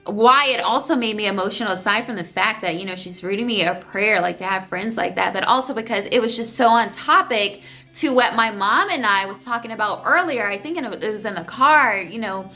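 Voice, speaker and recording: A woman's voice: mid-range voice, brisk, faint music behind. A young woman vlogging casually, sharing her surgery story and sometimes holding back tears. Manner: emotional, tearful at times, holding back crying; animated storytelling with voiced quotes.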